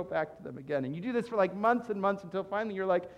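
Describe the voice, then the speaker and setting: A man preaching a sermon as a pastor, animated, acting out comic voices in his examples. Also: sits high, fast talker, few pauses, in a large hall, dull audio.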